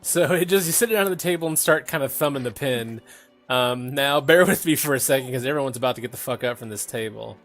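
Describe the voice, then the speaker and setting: A man's voice: mid-range voice, quick pace, fairly bright tone, soft background music. A young man running a tabletop game as game master, narrating casually with many fillers and laughs.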